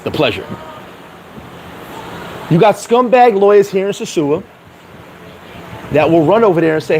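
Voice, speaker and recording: A man's voice: high-pitched, big pitch swings, moderate pace, long pauses, darkish tone, a little hiss or hum, low-quality recording. A man giving blunt, profane, streetwise advice in a casual monologue, acting out the dialogue of the people he talks about. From New York. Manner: acts out dialogue in quoted voices. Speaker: vlogger.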